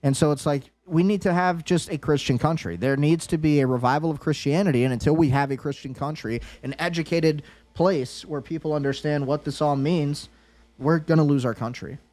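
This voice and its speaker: Man, livestream host, heated rambling commentary, slightly high voice, dry close sound. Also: a little fast, a little mellow, no room sound. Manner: heated, rambling, repeats himself. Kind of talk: live political commentary.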